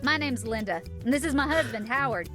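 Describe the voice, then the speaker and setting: A woman's voice: a little high, animated, brisk, fairly bright tone, faint music behind. A woman voicing a chatty, cheerful middle-aged mother in a game, with a Southern US accent and a gushing, folksy manner. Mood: cheery.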